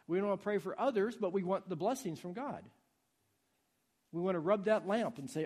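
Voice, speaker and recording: Male preacher, husky, slightly high voice, impassioned sermon, soft pleas to loud urging. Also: lively intonation, a little fast.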